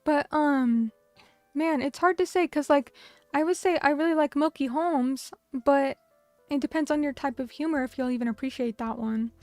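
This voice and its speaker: A woman's voice: high voice, normal speed, a little mellow, dry recording, soft background music. A young woman streaming, chatting casually with her viewers and reacting to their comments in a bubbly, chatty way. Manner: bubbly and chatty, reading out chat comments, many fillers.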